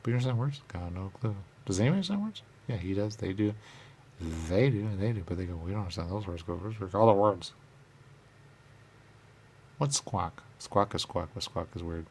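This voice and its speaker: A low, gravelly man wanders through a rambling back-and-forth with himself. He repeats words over and over and sometimes drops into a whisper. A faint hiss sits under the recording. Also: fairly quick, darkish tone. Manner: circular, repetitive musing with sudden whispers. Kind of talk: rambling self-dialogue, asking and answering himself.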